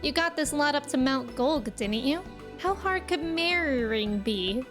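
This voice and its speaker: A woman's voice: sits high, lively intonation, measured pace, over music. A woman reading the lines of a plain-spoken young commoner in a fantasy game, eager to help, in a casual, earnest way.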